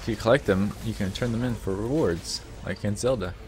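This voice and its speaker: Deadpan low-voiced gamer man. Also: a little fast, music in the background. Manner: dry, deadpan sarcasm. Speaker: game player. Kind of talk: casual gaming voice chat.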